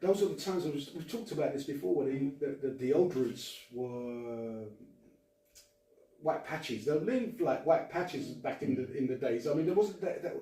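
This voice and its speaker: A man hosting a relaxed, joking chat among friends, heard from a distance in a noisy, echoey room. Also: on the high side, moderate pace. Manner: jokey, playful, breaks into laughter. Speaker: podcast host. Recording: roomy, distant mic, noisy background.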